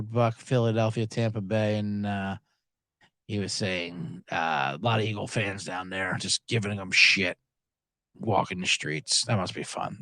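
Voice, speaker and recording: A man's voice: medium pitch, a bit bright, clear, resonant tone, no echo, studio quality. A man hosting a sports betting podcast in casual chat, rambling, jokey and profane, often stammering and restarting his sentences.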